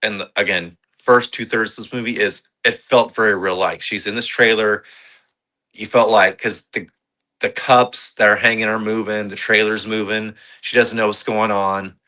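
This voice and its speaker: Bright-voiced, low-pitched man. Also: normal speed. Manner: excitable, swears freely, rambling with fillers. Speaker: podcast co-host. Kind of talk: casual movie review chat.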